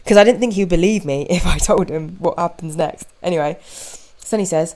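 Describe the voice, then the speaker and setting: A young woman hosting a podcast, telling a story in an animated, indignant way with quick asides. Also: lowish voice, low-quality recording. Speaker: podcast host. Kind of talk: casual storytelling monologue.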